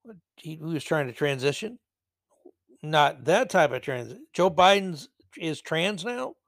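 A man's voice: on the high side, lively intonation, unhurried, gravelly, fairly bright tone, no room sound. A man hosting a solo commentary podcast, talking in a rambling way with sarcastic, mocking asides. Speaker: podcast host.

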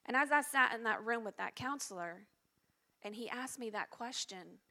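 A middle-aged woman pastor preaches with a bright, forceful voice. She speaks earnestly and confessionally, sometimes dropping to hushed tones. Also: a little high, expressive, normal speed. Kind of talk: sermon.

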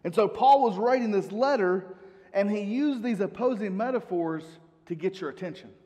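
A man's voice: sits high, expressive, moderate pace, warm tone, long reverb tail. A male pastor giving a sermon in a conversational way, reading scripture aloud.

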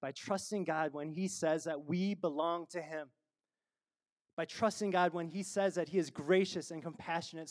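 A man's voice: a little high, normal speed. A middle-aged man preaching a sermon as a pastor, conversational and self-deprecating, with frequent fillers and laughs.

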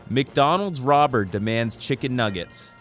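Faint music plays behind a young podcast co-host who rambles and jokes, laughing often in casual conversation. He speaks a little slowly in a medium-pitched, fairly bright voice with lively intonation.

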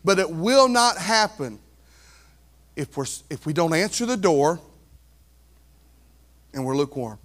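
Brief: energetic male pastor, high voice, dramatic swings between hush and shout. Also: measured pace, long pauses. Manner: animated, swings from quiet to near shouting, conversational asides. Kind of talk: sermon.

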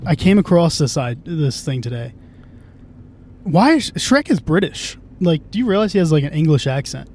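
A man with a slightly high voice rambles through a casual podcast chat, swearing freely and starting his sentences over and over. He talks from inside a moving car, with a faint engine rumble under his voice. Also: very animated, moderate pace, darkish tone. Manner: rambling, profane, restarts often. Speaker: podcast host.

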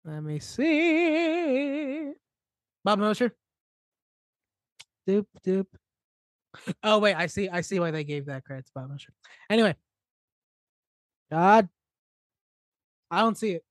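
A co-host on a casual music review podcast, talking in halting restarts with many fillers. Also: mid-range voice, dry recording.

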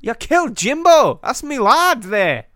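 A man's voice: extremely high pitch, sing-song, a little slow, bright, forceful tone, dry recording, studio quality, pitched above the performer's own voice, exaggerated voice. A man voicing a furious, foul-mouthed old sea captain in a put-on Scottish accent, snarling insults.

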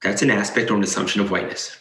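A man's voice: on the low side, steady tone, racing, a bit bright. A man giving casual commentary as he reads points aloud, with sarcastic, incredulous asides. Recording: echoey room.

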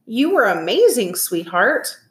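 A woman reading aloud, voicing a proud father giving loud, hearty praise, in an echoey room. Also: a little high, sing-song, unhurried.

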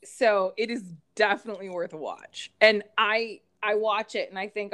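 A woman's voice: medium pitch, lively intonation, measured pace, fairly bright tone. A woman from the Pittsburgh area, co-hosting a podcast in casual chat and laughing often. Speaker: podcast co-host.

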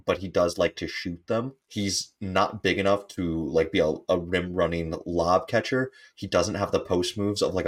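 A man co-hosting a sports podcast, analyzing players in casual chat with a playful, teasing streak. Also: low-pitched. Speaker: podcast co-host.

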